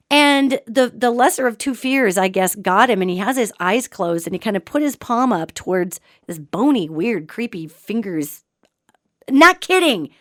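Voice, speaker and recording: A woman hosting a show and telling a story in an animated, dramatic way, with sudden swings between loud and soft. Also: mid-range voice, dry recording, clean studio sound. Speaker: podcast host and psychic. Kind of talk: storytelling monologue.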